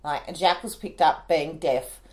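A woman, co-hosting a podcast in casual chat, blunt and quick to swear. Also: low voice. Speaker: podcast co-host.

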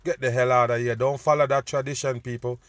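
A man's voice: medium pitch, level tone, fast talker, no echo. Profane ranting male commentator. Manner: loud, preachy and profane, repeatedly calling out "people". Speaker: host. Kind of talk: ranting commentary over news clips.

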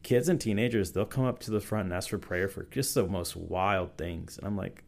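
A man's voice: low voice, fairly even intonation, moderate pace, vocal fry. A man who is a youth pastor, telling stories in a casual podcast interview, full of "like" and "you know" restarts. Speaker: youth and young adults pastor. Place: podcast recording session.

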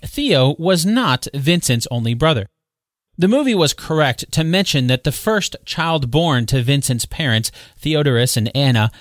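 A man hosting a solo podcast, retelling history in a conversational way with quick asides and self-corrections. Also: fairly high pitch, no room sound, clean studio sound. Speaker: podcast host. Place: home recording space.

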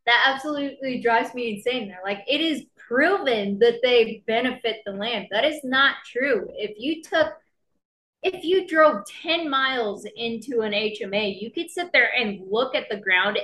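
A woman's voice: a little high, a bit bright, rough recording. Emphatic woman guest, faint background hiss. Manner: emphatic, quick to agree. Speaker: podcast guest, horse person. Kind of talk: casual chat.

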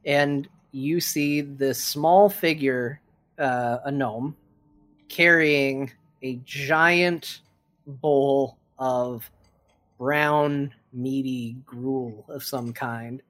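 A man's voice: medium pitch, fairly even intonation, drawn-out words, fairly bright tone. A man narrating as game master of a tabletop game, often hesitating with fillers.

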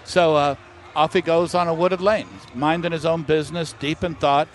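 A man's voice: a little high, normal speed. A middle-aged man, a master distiller, telling anecdotes in a casual interview and acting out the people in them. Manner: animated anecdote-teller who acts out quoted voices.

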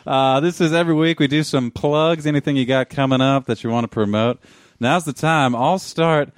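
A man's voice: mid-range voice, normal speed, clear, resonant tone, no echo, clean studio sound. A man hosting a comedy podcast, wry and laid-back, wrapping up with plugs. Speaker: podcast host. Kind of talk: improvised comedy banter.

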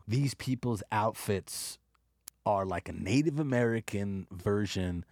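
A man giving an animated, profane movie review, ranting with mock hostility and frequent laughter. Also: lowish voice, a little slow, no room sound, clean studio sound. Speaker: film reviewer.

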